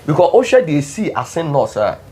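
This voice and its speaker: Ghanaian host on a politics show, keeps pushing his guest with questions, voice pretty high and bouncy. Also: big pitch swings, moderate pace, mellow. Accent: Ghanaian English. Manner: presses with questions. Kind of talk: political talk show debate.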